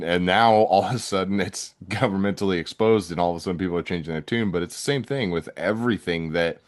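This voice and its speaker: Deep-voiced and quick, this male podcast host barely pauses as he rambles casually, restarting sentences often and using lots of fillers.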